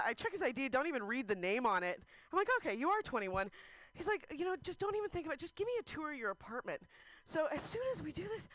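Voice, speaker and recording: Bright, high-voiced woman comic. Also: dry recording. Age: 30s. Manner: candid, rambling storytelling with laughter. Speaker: stand-up comedian. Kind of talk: stand-up comedy set.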